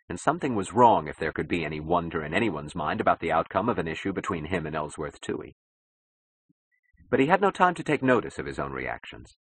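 A man narrates a novel in a very deep, low voice with a husky, breathy edge. His reading is measured and dramatic, and the recording is close and dry. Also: a bit bright, dry recording, rough recording. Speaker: audiobook narrator. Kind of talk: scripted narration.

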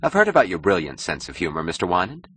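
A man's voice: low-pitched, wildly swooping pitch, fast, a bit bright, a little hiss or hum, heavily acted. A man voicing an ambitious young male architect who talks eagerly and stammers when flustered in an audiobook.

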